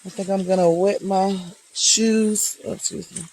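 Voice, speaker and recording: Slow easygoing vlogger out on a trail, mid pitch, cheering on the viewers, bit of faint noise. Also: steady tone, creaky, a little mellow, poor audio. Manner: slow, reflective, encouraging, talks to viewers. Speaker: hiking vlogger. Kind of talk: motivational outdoor vlog. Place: outdoors on a wooded hiking trail near waterfalls.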